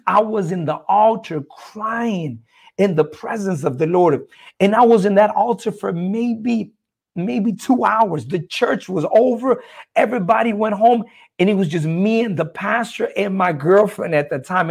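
A man's voice: sits high, gravelly, slightly rough. A man giving a personal faith testimony that turns into preaching, earnest, telling his story with lots of "listen" and "I'm like". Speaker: guest evangelist giving testimony.

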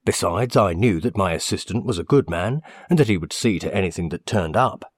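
A man reading a classic story aloud in the first person, measured and expressive. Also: low-pitched, no room sound, studio quality. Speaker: audiobook narrator.

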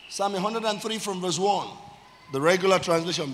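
A man preaching a sermon, calling out to the congregation and stretching key phrases with loud emphasis. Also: high-pitched, brisk, in a large hall, a little hiss or hum. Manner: call-and-response with the congregation. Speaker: pastor. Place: church.

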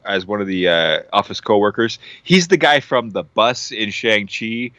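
Low-voiced man gushing about a show. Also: expressive, moderate pace, bright, forceful tone, no room sound. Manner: rambling, enthusiastic, many fillers and restarts. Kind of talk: casual show recommendation.

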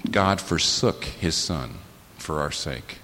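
This sermon comes from a church sanctuary, recorded in a large, reverberant hall with a light hiss. The preaching pastor swings between slow, low, weighty phrasing with pauses and sudden loud, high-pitched eruptions.

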